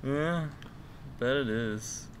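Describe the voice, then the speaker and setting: A man's voice: mid-range voice, extremely slow, a little hiss or hum. A young man co-hosting a podcast, rambling through crude, joking stories with lots of fillers. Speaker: podcast co-host. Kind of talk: casual chat.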